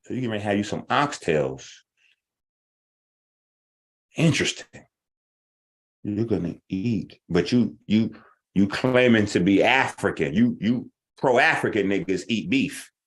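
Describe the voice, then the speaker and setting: A man's voice: on the low side, lively intonation, normal speed. A man hosting an online talk stream, giving a profane, rhetorical, argumentative casual monologue.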